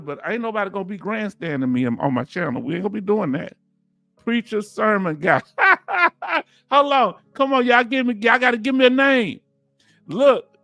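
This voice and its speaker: A man's voice: sits high, sharp tone, no echo, studio quality. Laughing Southern man hosting a livestream. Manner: laughs often, loose conversational delivery. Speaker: livestream host. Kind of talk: casual livestream chat reading viewer comments.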